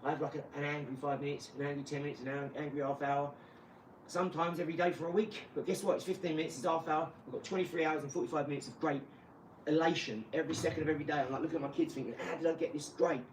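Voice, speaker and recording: A blunt, boastful man rambles through a casual live-stream rant, his voice sitting a little high. He is recorded in an echoey garage, a good way off the mic, with a faint hum in the background. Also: flat delivery, racing, far from the mic.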